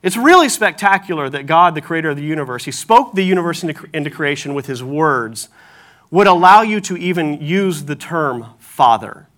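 High, bright-voiced male pastor preaching. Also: moderate pace. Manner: animated storytelling with self-deprecating humor. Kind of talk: sermon.

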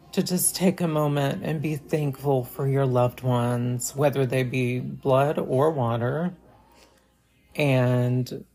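A woman vlogger giving a heartfelt, halting holiday message to her viewers, with many pauses and fillers. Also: extremely low pitch, creaky, a little mellow. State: choked up.

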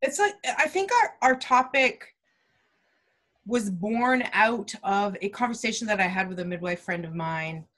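A woman from Canada co-hosts a casual doula podcast. Her voice is bright and clear, and she talks in a lively, self-deprecating, chatty way. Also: mid-range voice, measured pace. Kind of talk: casual chat.

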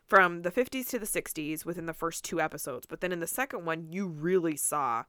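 Excitable woman with a bright dry voice. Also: on the low side, a little fast, no room sound. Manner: excitable, swears freely, acts out quotes. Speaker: podcast co-host. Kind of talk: casual chat.

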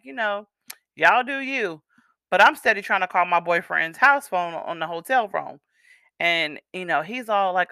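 Woman, frank profane storytime vlogger, lowish voice with a bright forceful edge, talks right to viewers. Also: no echo, clean studio sound. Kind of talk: personal storytime vlog.

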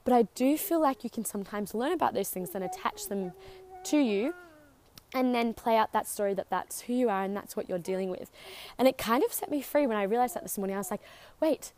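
A young woman with a slightly high voice talks through a casual faith podcast. She is out of breath from pacing outside on her driveway. Her talk is chatty and meandering, full of fillers. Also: animated, brisk, a little mellow, a little hiss or hum. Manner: rambling, chatty, many fillers. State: out of breath from walking. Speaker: podcast host.

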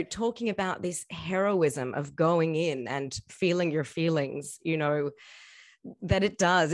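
A woman's voice: low voice, no echo. A woman hosting an interview, speaking in an earnest, reflective way with long winding sentences. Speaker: interview host. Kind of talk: heartfelt conversational interview.

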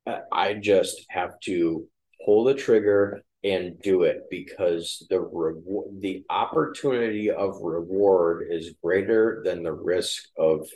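Deep-voiced reflective man in an echoey room. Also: slow, a little mellow. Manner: reflective, faith-minded talk. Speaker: podcast guest. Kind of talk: casual chat.

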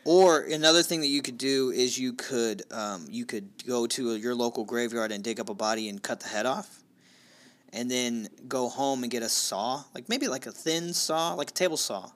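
A man's voice: medium pitch, moderate pace. A man co-hosting a true crime podcast, telling the story in a loose, profane, joking way. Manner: loose and profane, with dark jokes. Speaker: podcast co-host.

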